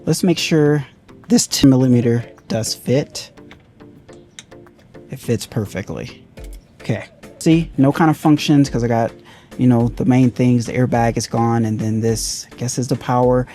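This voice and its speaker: A man's voice: mid-range voice, steady tone, measured pace, dark tone, soft background music. A man casually walking viewers through a hands-on car repair, thinking aloud as he works. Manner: thinks aloud while working, loose and conversational. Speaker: car DIY reviewer.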